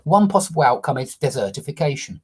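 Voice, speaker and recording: A man's voice: a little high, animated, fast, slightly rough. A man teaching English online, walking through corrections to a student's essay and explaining each change, often checking understanding with a questioning "yeah?".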